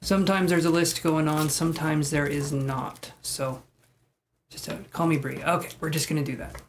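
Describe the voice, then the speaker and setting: A man's voice: fairly high pitch, steady tone, moderate pace, background noise. A man live-streaming tarot readings, chatting with viewers in a joking, self-deprecating way. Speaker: tarot reader.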